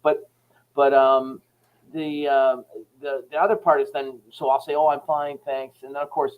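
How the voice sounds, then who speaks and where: A man's voice: medium pitch, normal speed, smooth. Frank Canadian man, dull lo-fi sound. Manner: rambling, frank, animated storyteller acting out phone calls. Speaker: guest, sales company head and author. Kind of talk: casual podcast interview.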